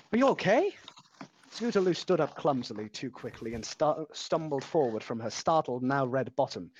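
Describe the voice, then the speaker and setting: A man's voice: medium pitch, slight background noise. A man reading a story aloud in a casual, unpolished way, stumbling over words and restarting them as he goes. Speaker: amateur reader.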